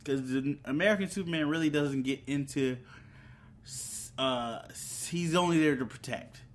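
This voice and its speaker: A man's voice: a little high, moderate pace, slight background noise. A man hosting his own channel, giving a casual, rambling movie review with many ums and restarts.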